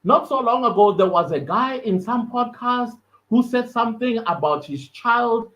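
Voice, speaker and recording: A man's voice: very high voice, lively intonation, moderate pace, fairly bright tone. A South African man hosting a podcast, giving an earnest, emphatic solo commentary that repeats words for stress. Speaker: podcast host. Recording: slightly dull lo-fi audio.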